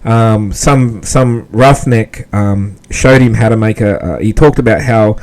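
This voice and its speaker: Heard on a rough recording, this podcast host speaks with an Australian accent in a lowish, somewhat mellow voice. His casual commentary wanders, full of fillers and hesitations.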